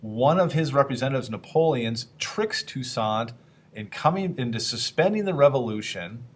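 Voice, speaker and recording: A man's voice: medium pitch, expressive, moderate pace. Casual man giving a history lecture. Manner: conversational, asks the class questions, acts out historical figures in casual asides. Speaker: teacher.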